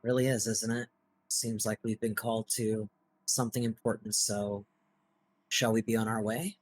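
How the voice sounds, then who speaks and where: A man's voice: lowish voice, little pitch movement, moderate pace, dry recording, natural voice. A man voicing a composed, wealthy vampire woman, speaking in a gracious, formal way.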